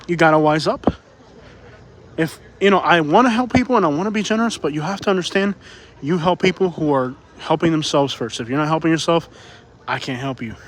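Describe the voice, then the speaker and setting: A man's voice: on the high side, fairly quick. A man live-streaming while walking city streets, a little out of breath, rambling and repeating himself as he reads chat aloud.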